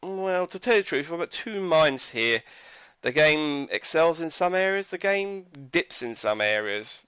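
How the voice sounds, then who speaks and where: A man's voice: a little high, lively intonation, a little slow, fairly bright tone, smooth, no echo. A man reviewing a video game in casual commentary, rambling and hesitant, with frequent fillers and self-corrections.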